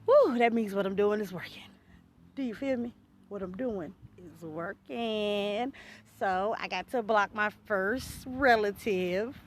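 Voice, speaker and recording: A woman's voice: medium pitch, slow, a little hiss or hum. A woman vlogging straight to her viewers in casual talk, blunt and chatty, swearing freely and calling them y'all and you guys. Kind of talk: casual direct-to-camera talk.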